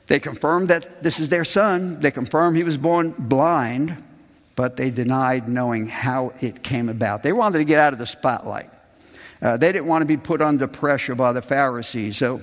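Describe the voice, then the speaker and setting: A man's voice: moderate pace, long reverb tail. A man preaching a sermon, reading scripture aloud and calling his listeners "folks". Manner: reads scripture aloud, voicing the quoted people with raised pitch; addresses the congregation as "folks". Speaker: pastor.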